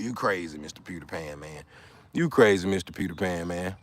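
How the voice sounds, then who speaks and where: Man, lowish voice, casual livestream, rambling, swearing, taunting chat. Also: brisk.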